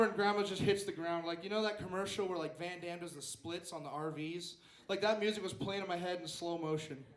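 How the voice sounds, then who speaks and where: Young dude rambling thru a stand-up bit, kinda high voice, echoey little club. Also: male voice, slight background noise. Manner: rambling storytelling with acted-out quotes. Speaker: stand-up comedian. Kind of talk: open mic stand-up set. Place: small club stage.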